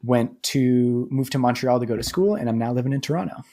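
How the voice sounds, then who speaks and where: A man's voice: mid-range voice, brisk, dark tone. Easygoing man co-hosting. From New Hampshire, USA. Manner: easygoing, laughs often, fillers like "uh". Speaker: podcast co-host. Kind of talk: casual chat.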